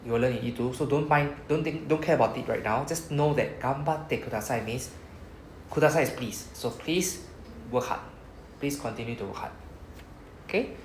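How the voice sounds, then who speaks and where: A man's voice: mid-range voice, fairly quick. A man with a Singaporean English accent teaching Japanese to a class, explaining patiently and often checking with "right?". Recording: echoey classroom, faint noise.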